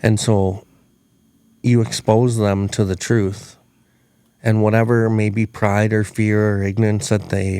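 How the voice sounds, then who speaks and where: Male host, low gravelly voice, earnest storyteller, dry close sound. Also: darkish tone, no room sound. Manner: earnest, repeats words as he restarts. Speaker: podcast host. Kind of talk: reflective storytelling chat.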